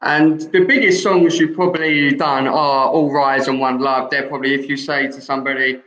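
Young host in an echoey room. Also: male voice, medium pitch, fairly even intonation, normal speed, fairly bright tone, highs cut off. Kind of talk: interview questions.

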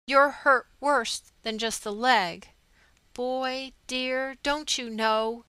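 A woman's voice: high-pitched, extremely slow, bright, forceful tone, clean tone, no room sound, heavily acted, rough recording. A woman reading aloud a young sweetheart's earnest, tender letter to her wounded soldier.

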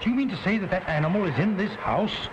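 An actor playing a formal, probing gentleman in 1930s film acting style. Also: high voice, expressive, fast talker. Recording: muffled old film soundtrack with hiss.

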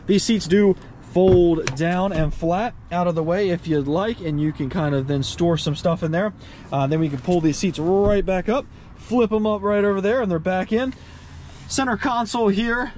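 Casual male car reviewer, high-pitched, folksy and upbeat, recorded outside with light background noise. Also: darkish tone. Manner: upbeat, folksy, chatty with fillers and little laughs.

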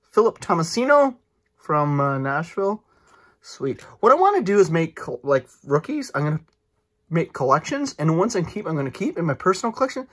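A man chatting excitably as he opens trading card packs, rambling with fillers and quick asides. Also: on the high side. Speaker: card collector vlogger. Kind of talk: casual card-opening commentary.

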